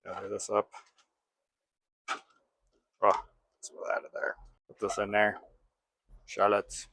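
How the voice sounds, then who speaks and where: A man's voice: fairly low pitch, monotone, slow, gravelly, fairly bright tone. A man hosting a casual home cooking vlog, talking to himself in a playful, jokey way while he cooks in his kitchen.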